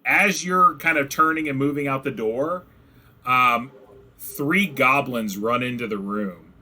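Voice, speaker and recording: A man's voice: mid-range voice, measured pace. A man narrating a tabletop game as game master, casual and chatty, over voice chat. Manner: casual, chatty, acts out goblin shouts.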